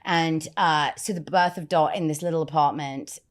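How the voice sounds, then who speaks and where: A woman's voice: sits low, normal speed. A woman with an English accent chatting in an interview about learning accents, talking animatedly and swearing now and then. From England. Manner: animated, talks with her hands about accents, swears casually. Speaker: guest actor. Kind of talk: casual interview chat.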